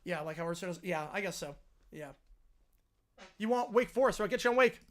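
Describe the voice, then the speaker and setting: A young man streaming live play-by-play and reaction, yelling at the game on screen and chatting with viewers in between. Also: high-pitched, brisk. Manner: excitable, yells at the screen, then chats with viewers.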